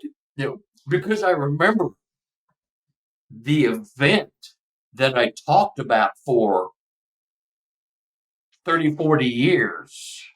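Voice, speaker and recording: A man's voice: mid-range voice, fairly bright tone, distant mic, low-quality recording. A man in his seventies from Texas, a podcast guest telling a personal story in a casual, emotional, rambling way.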